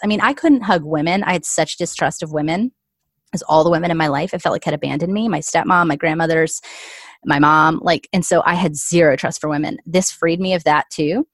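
A woman's voice: low-pitched, no echo. A woman in her forties telling an emotional personal faith story as an interview guest, earnest and full of "like.". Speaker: guest author.

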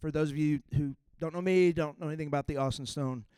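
A middle-aged man with a drawl delivers a sermon, chatty and folksy. His voice sits high, and when he reads scripture he leans in with emphatic force. The recording is dry, with no room echo. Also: steady tone, fast, mellow, smooth. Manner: conversational, folksy preaching with emphatic scripture reading. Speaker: pastor.

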